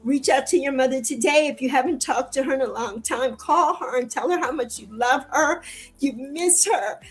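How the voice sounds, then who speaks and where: A woman with a high voice talks in an interview about what matters most to her, circling back to the same phrases. Her delivery is heartfelt and turns tearful and pleading at times. Faint music plays behind her. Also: moderate pace, breathy edge, poor audio. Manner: heartfelt, repetitive, rising into tearful pleading when hurt. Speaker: interview guest. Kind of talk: emotional interview conversation.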